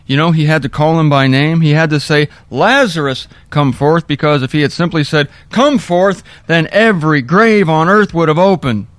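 A man's voice: a little high, fairly quick, hardly any pauses, clear, resonant tone, no echo. A man teaching a Bible lesson, reading verses and dropping wry, chatty asides between them. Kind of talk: informal scripture teaching.

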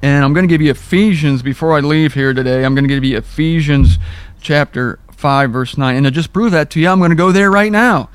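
Male Bible teacher, slightly high voice, dry close mic, wry and conversational. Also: clear, resonant tone, dry recording. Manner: conversational, wry, rereads verses slowly for emphasis. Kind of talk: informal verse-by-verse Bible teaching.

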